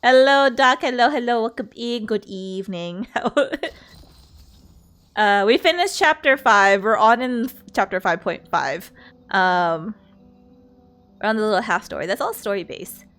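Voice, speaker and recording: A woman's voice: medium pitch, measured pace, a bit bright. A woman streaming a game, chatting casually with viewers, giggling often. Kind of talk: casual live-stream chat.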